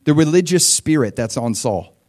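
A man in his forties preaching a sermon as a pastor, in an animated, conversational style that swings between quiet asides and loud bursts. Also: on the high side, moderate pace. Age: 40s.

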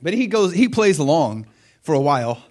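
A middle-aged man preaching a sermon, retelling scripture with lively, animated storytelling and acted-out voices. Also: a little high, moderate pace. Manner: animated storytelling, acts out voices of biblical figures. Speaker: pastor.

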